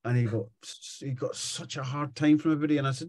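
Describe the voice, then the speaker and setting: A middle-aged musician from Scotland chats as a guest in a casual interview, telling stories in an animated, chatty way. His voice is fairly high and fast, and the recording is dry.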